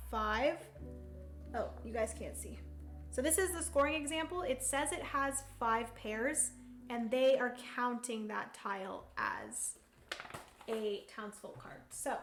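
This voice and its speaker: High, chatty woman streaming a board game. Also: reverberant. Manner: chatty, thinks aloud while counting and reading rules; greets chat viewers playfully. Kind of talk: live-streamed solo board game play.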